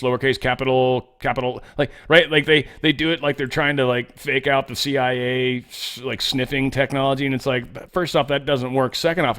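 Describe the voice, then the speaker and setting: A male host talks through news stories in a loose, rambling monologue. His delivery is sarcastic and peppered with profane asides. His voice sits at an ordinary, mid-range pitch. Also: fairly bright tone. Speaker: podcast host. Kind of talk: casual news commentary monologue.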